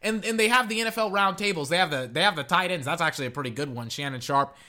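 Young man, casual sports rant, bright, raised voice, exasperated. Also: quick pace. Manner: exasperated, ranting, lively swings in pitch. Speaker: sports podcaster giving picks. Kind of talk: casual solo commentary. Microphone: echoey metal can around the mic.

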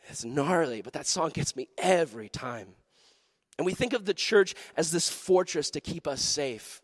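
High-voiced animated youth pastor, man. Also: normal speed, no echo, clean studio sound. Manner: animated storytelling, acting out voices and shouts. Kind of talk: sermon.

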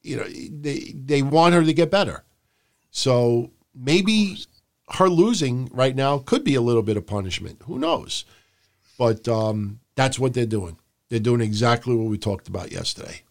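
Animated, profane male wrestling podcaster. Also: a little slow. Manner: animated, profane, mimics people in loud high shouts. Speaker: podcast co-host. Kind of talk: casual wrestling recap chat.

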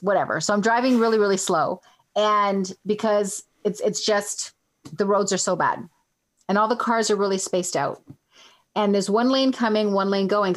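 Rambling woman telling a story. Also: mid-range voice. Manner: rambling, self-correcting, animated. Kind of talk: casual storytelling.

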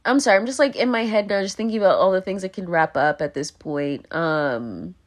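A woman's voice: fairly low pitch, fairly quick. A young woman talking straight to camera in a blunt, rambling, swear-heavy monologue, often breaking into laughter. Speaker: vlogger.

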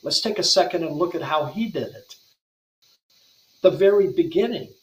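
A man's voice: a little high, lively intonation, moderate pace, reverberant, poor audio. A man appearing as a guest Bible translator on a podcast, giving an earnest, flowing devotional teaching and often repeating words as he restarts phrases.

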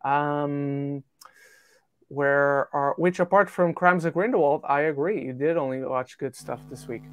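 A man from the UK hosting a casual podcast, reading out listener rankings with quick jokey asides. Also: a little high, a bit bright, smooth, dry recording, lo-fi sound. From United Kingdom. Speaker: podcast host.

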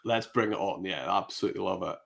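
A man's voice: low voice, rapid-fire, vocal fry. A man co-hosting a casual fantasy football chat show, laughing and reacting to clips.

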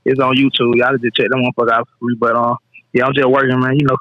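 Fast-talking, blunt male podcast guest. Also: mid-range voice, little pitch movement, no echo, muffled recording. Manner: blunt, teasing, fast slang. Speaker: podcast guest, rapper and filmmaker. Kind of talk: casual podcast chat.

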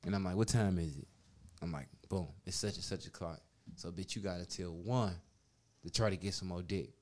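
A man telling a crude story in casual chat, laughing loudly now and then. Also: low voice, fairly quick. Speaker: podcast storyteller.

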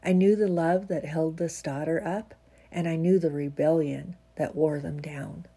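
Daily vlogger, woman, stuffy from a cold, husky and dark in tone, earnest reader. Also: deep voice, fairly even intonation, unhurried. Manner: warm, earnest, chuckles often. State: congested, stuffy nose. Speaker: vlogger reading her own writing. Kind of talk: casual chat, then a reflective reading.

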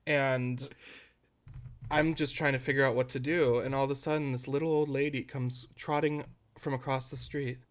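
Speaking at a normal speed with a medium pitch, this young podcast co-host spins a dramatic, lively tale in a relaxed way, repeatedly dissolving into laughter.

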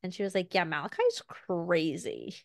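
A woman's voice: lowish voice, big pitch swings, normal speed, vocal fry, a little hiss or hum. A woman in her thirties co-hosting a podcast, chatting casually with lots of fillers and acting out her toddler's lines. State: recovering from illness. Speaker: podcast co-host. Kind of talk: casual chat.

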